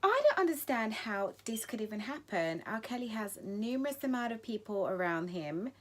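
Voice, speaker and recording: A woman's voice: medium pitch, big pitch swings, moderate pace. A woman vlogging her opinions, emphatic and indignant, often restarting her sentences when she gets heated. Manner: emphatic, indignant, repeats for stress. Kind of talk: impassioned opinion vlog.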